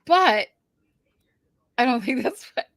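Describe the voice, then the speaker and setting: A woman's voice: fairly high pitch, lively intonation, slow pace, a bit bright, dry recording. A woman co-hosting a casual recap chat, chatty and hedging her opinions. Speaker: podcast co-host.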